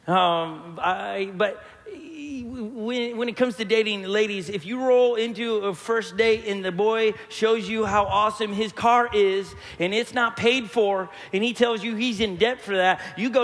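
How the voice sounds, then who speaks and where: A man's voice: high voice, unhurried, fairly bright tone, long reverb tail. A man preaching a sermon as a pastor, joking and telling stories while acting out the voices of people he quotes. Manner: humorous storytelling, quoting others in voices. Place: church hall.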